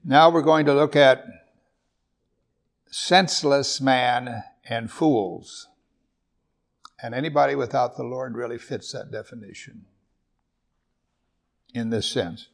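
A man's voice: mid-range voice, slow pace, creaky, long pauses. A man preaching a conversational Bible sermon, often asking his listeners rhetorical tag questions.

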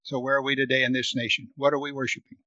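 A man's voice: little pitch movement, fast, no echo, lo-fi sound. A man teaching verse by verse through a Bible passage, reading the verses aloud with force and then commenting, repeating words for emphasis. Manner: reads scripture aloud louder and higher, then comments.

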